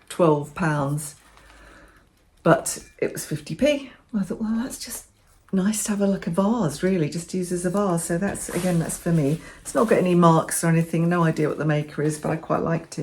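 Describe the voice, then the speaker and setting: A middle-aged woman gushes over her finds in an easy, chatty way. Her voice sits fairly low, and a faint hiss lies under it. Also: steady tone, normal speed, darkish tone. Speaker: vlogger. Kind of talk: casual show-and-tell chat.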